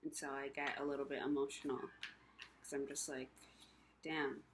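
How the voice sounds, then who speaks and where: Speaking in a very deep, level voice at a moderate pace, a young woman rants to camera over a noisy background. The vlog is rambling and confessional, packed with ums and you-knows, and she comes across emotional and frustrated.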